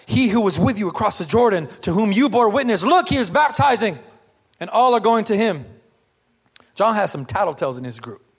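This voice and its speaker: A man preaching a sermon as pastor, conversational and lively, firing off rhetorical questions to the congregation. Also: high-pitched, slightly rough.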